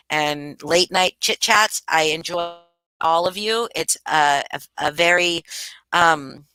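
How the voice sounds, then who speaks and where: Casting note: middle-aged woman, livestream host, bright forceful voice, smooth and crisp, casual chat with frequent restarts. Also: on the low side, no echo, low-quality recording. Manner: chatty, reads and answers chat, many restarts.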